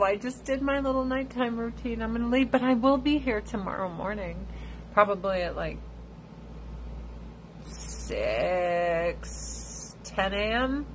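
A woman hosting a casual livestream chat, telling blunt, profane stories and squealing high when she imitates other people. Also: slight background noise, low-quality recording. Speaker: livestream host.

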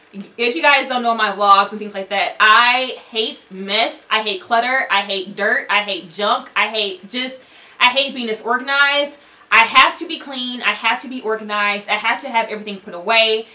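Young woman, vlogger, casual candid chat, bright tone, slightly high pitch. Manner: chatty, candid, lots of likes and ums.

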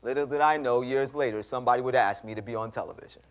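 A man preaching a sermon in a church, telling a story with animated delivery and acting out the dialogue. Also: mid-range voice, fast talker, hardly any pauses, clean tone. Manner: animated, acts out dialogue, addresses congregation.

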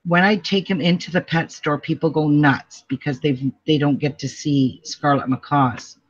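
A woman's voice: low voice, steady tone, moderate pace. A middle-aged woman hosts a casual quilting tutorial at home, chatting and laughing often as she tells stories while she sews. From Canada. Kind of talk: casual craft tutorial chat. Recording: dull lo-fi recording with faint noise.

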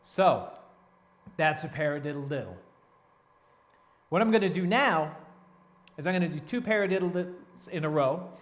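A man teaching a drum lesson in a relaxed, step-by-step way, counting beats aloud between grooves. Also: a little high, moderate pace, pauses often. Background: drum playing.

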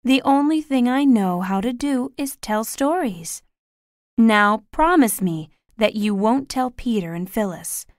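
A man voicing a gentle, sad mother in an audiobook reading, with a soft, tender manner. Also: very high voice, lively intonation, unhurried, no room sound, studio quality, pitched above the performer's own voice, exaggerated voice.

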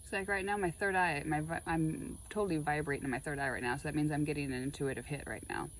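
A woman chatting casually while laying out tarot cards, excitable and full of spiritual musings. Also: low-pitched, fast talker, a little hiss or hum, rough recording. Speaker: tarot reader.

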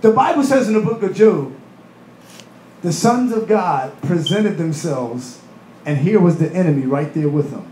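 A male pastor with a high, bright voice delivers an animated sermon. He slips into acted voices and laughing asides. The sound carries a roomy church echo with faint ambience behind it. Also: normal speed, slight background noise. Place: church hall.

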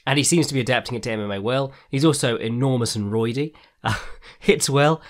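A man with a mid-range voice runs a casual podcast of MMA commentary, talking fairly quickly. Rambling and profane, he often breaks into laughter over his own digressions.

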